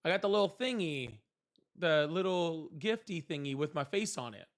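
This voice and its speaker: A man's voice: a little high, animated, moderate pace. A young man hosting a casual livestream, chatting with viewers, thanking them and laughing often. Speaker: livestream host.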